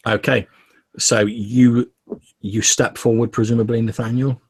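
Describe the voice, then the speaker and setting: A man's voice: medium pitch, level tone, measured pace, slightly rough. A young man narrating a tabletop game as game master, casual and full of fillers.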